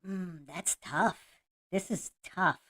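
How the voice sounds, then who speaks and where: A woman's voice: on the low side, fairly even intonation, slow pace, bright, forceful tone. A woman hosting a podcast, laughing often and mocking as she talks through a debate clip and reads chat comments aloud. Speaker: podcast host. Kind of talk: casual live-stream commentary.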